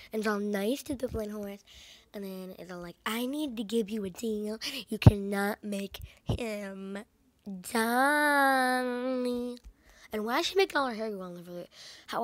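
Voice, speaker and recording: A woman's voice: mid-range voice, no echo. A woman casually recapping a movie's plot, rambling with lots of fillers and sarcastic asides. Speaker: movie reviewer.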